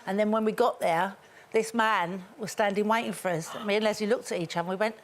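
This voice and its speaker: A woman's voice: medium pitch, fairly even intonation, quick pace, slight background noise. A woman panelist chatting and laughing as she tells a story on a talk show. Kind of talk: casual anecdote.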